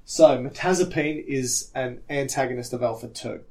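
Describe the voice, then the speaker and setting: A man's voice: mid-range voice, normal speed, darkish tone. A man co-hosting an educational podcast, explaining topics step by step and checking that his partner follows. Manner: explanatory, stops to check understanding. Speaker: co-host.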